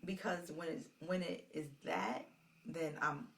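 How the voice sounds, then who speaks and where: A chatty, affirming woman co-hosting a podcast. Her voice is low and gravelly. She sounds a little distant from the mic, with faint noise underneath. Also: unhurried, fairly bright tone. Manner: affirming, chatty, lots of agreeing. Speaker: podcast co-host. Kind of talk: casual chat.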